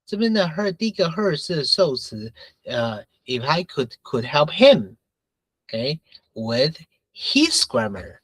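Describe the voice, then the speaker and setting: A man teaching English grammar in a slow, unhurried way, switching between English and Mandarin and repeating key phrases. His pitch moves up and down a lot as he stresses words, and the sound is dry and close with no room echo. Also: big pitch swings, slightly rough. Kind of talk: classroom grammar lesson.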